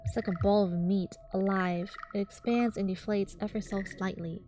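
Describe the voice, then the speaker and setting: A woman's voice: medium pitch, fairly even intonation, normal speed, noisy background. A young woman streamer reading a horror visual novel aloud, reacting jumpily with squeals at the scares. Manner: jumpy, squeals and shrieks at scares. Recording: background music.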